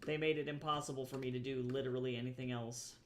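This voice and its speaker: A man's voice: mid-range voice, flat delivery, quick pace, slight background noise. A man chatting casually while he draws on a livestream, rambling, swearing freely and making wry asides to his viewers. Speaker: comic artist streaming while drawing.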